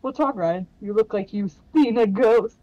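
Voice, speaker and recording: A woman's voice: medium pitch, moderate pace, dark tone, no echo, muffled recording. A woman co-hosting a game stream, teasing her partner and laughing often. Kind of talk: casual game stream chat.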